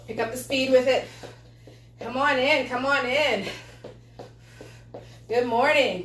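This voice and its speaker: A woman with a fairly high voice coaches a workout at home, breathless and upbeat as she calls out moves and greets viewers. She sounds a little distant from the mic, in an echoey room with faint noise behind her. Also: slow, long pauses, a bit bright. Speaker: fitness instructor. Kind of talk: live workout session.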